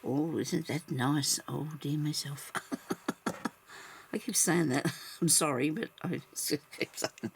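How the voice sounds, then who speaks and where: A woman's voice: sits low, takes it slowly, gravelly, slightly rough. A woman vlogging as she crafts, chatting casually and thinking aloud, laughing often at herself.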